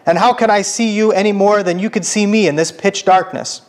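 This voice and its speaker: A man's voice: high-pitched, a little fast, voice pushed up, natural voice. A man reading as a surly dwarf. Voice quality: gruff and rude. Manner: read aloud from a book. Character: surly grumbling male dwarf, mistrustful.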